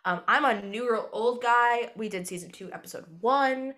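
A woman guest on a podcast, chatting casually in a rambling, self-mocking way with many pauses. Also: fairly high pitch, a bit bright. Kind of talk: casual chat.

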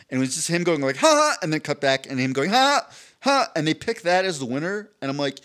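A man tells a story on a podcast in an animated, rambling way, swearing freely and acting out the people in it. His voice sits a little higher than most men's. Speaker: podcast co-host. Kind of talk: casual storytelling chat.

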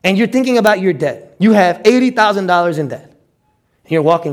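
A male pastor preaching with a notably high voice. He swings into quoted voices and repeats words as he pushes his points along. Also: quick pace. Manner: animated, acts out quotes with stammered repeats. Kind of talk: sermon.

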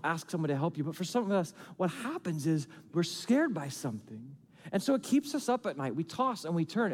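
Animated pastor preaching in a reverberant hall. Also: male voice, high voice. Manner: animated, swinging between loud emphasis and quiet drawn-out lines. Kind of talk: sermon.

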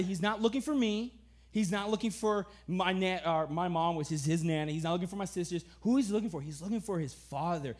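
A young man preaching a sermon in a casual, animated storytelling way, often laughing, then dropping to a soft, slow, earnest tone. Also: sits high.

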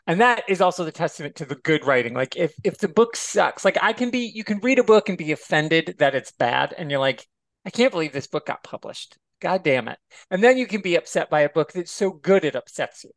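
A man's voice: high voice, lively intonation, fairly quick, hardly any pauses, a bit bright, dry recording. A man guesting on a podcast, chatting casually and expressively and swearing freely. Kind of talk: casual chat.

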